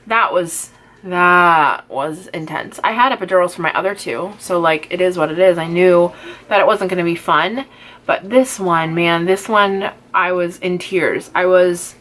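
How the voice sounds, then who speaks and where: A woman's voice: on the low side, fairly bright tone, slight background noise. A young woman, casually telling a personal story to camera with lots of fillers and acted-out quotes. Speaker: vlogger. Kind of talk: chatty get-ready-with-me storytelling.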